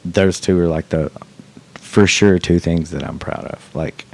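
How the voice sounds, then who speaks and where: A man's voice: sits low, fairly even intonation, a little slow, darkish tone. A middle-aged man hosting a podcast, chatting casually, rambling and joking with plenty of swearing. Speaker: podcast host. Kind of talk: casual chat.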